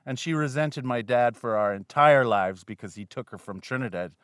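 A man's voice: mid-range voice, animated, normal speed, fairly bright tone, no echo, clean studio sound. A man from Canada, a guest comedian in a casual podcast chat, rambling and swearing freely with a self-deprecating streak.

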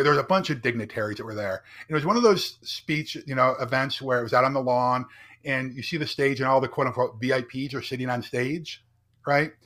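A man's voice: mid-range voice, fairly bright tone. A middle-aged man, a podcast guest, telling a personal story in an earnest, emphatic way and often checking in with "right?". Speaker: podcast guest, entrepreneur and speaker.

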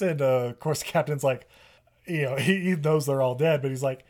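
A man's voice: a little high, brisk. A man co-hosting a podcast, rambling and laughing through a casual, comedic movie recap. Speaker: podcast co-host.

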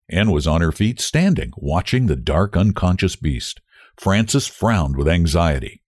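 A man reading a story aloud as narrator, in an expressive, dramatic manner. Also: sits low, normal speed, no echo, clean studio sound. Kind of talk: scripted narration.

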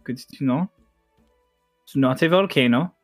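A man's voice: medium pitch, a little slow, no room sound, clean studio sound, faint music behind. A man narrating as game master in a casual tabletop session, laughing often and swearing freely.

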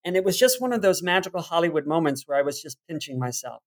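A middle-aged man, a guest on a podcast, telling stories in a lively way and laughing easily. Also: a little high, quick pace. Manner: animated storyteller, laughs easily. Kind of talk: casual interview chat.

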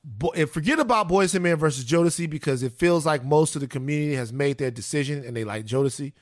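A man co-hosting a podcast in casual chat, animated and laughing as he riffs with rhetorical questions. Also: fairly high pitch, fast talker, no echo, clean studio sound. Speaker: podcast co-host.

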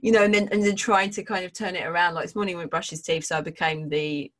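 A woman's voice: on the low side, steady tone, fast, a bit bright. A woman in her thirties from England, chatting candidly about parenting with frequent laughter. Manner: candid, laughing, swears casually. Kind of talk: casual chat.

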